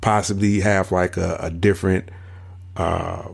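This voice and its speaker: A man with a very deep voice chats about wrestling in a relaxed, easygoing way. He fills his speech with "like" and "you know" and agrees readily with his co-host. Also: a little slow, gravelly, breathy edge. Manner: laid-back, filler-heavy agreement. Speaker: podcast co-host. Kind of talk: casual wrestling chat.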